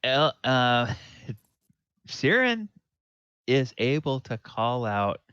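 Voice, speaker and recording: Man, dungeon master, very unhurried, ums and restarts, dull lo-fi dry recording. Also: mid-range voice, sing-song, a bit bright, clean tone, dry recording. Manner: halting, full of ums and restarts. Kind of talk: narrating a tabletop game.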